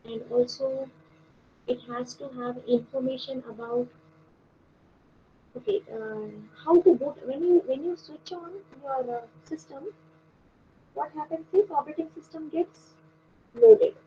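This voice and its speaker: A woman lecturer giving an online class, explaining step by step with frequent pauses and fillers. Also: high-pitched, expressive, dark tone. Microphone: video call. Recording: dull lo-fi call audio with faint noise.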